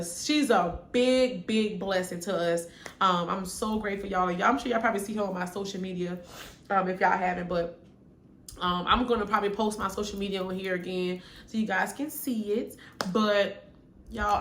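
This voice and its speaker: A woman's voice: mid-range voice, steady tone, normal speed, a bit bright. A young woman talks straight to her viewers in a casual story-time vlog. She is earnest and keeps repeating key phrases for emphasis. Her mid-range voice sounds through a roomy, echoing space with a faint hum behind it. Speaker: vlogger. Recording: echoey room with faint background hum.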